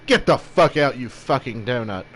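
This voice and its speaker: A man doing an impression of a furious male celebrity chef, shouting profane insults. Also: mid-range voice, animated, moderate pace, slight background noise, pitched below the performer's own voice, lightly acted. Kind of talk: quoted impression in casual chat.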